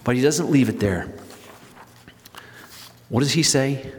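Pastor type, mid-pitched man, emphatic sermon delivery with stretched-out key words, long hall echo. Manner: emphatic preaching, retelling scripture with rising and slowing stresses.

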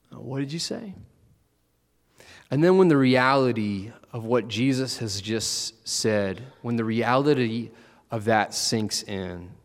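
A man preaching a sermon, telling the story with animated, acted-out quotes. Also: on the low side. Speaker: pastor. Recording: long reverb of a large hall.

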